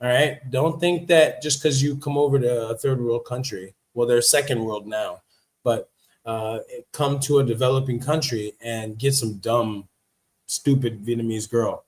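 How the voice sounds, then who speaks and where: Man, casual livestream host, chatty, emphatic, repeats himself, mid-pitched voice. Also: a little slow, darkish tone. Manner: chatty and emphatic, repeats points, reads and comments on notes. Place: living in Vietnam.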